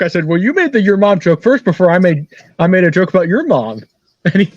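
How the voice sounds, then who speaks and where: A man's voice: sits high, big pitch swings, brisk, no echo. Rambling man on a dull lo-fi recording. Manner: rambling, repeats phrases, laughs at own stories. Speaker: interview guest. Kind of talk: casual storytelling.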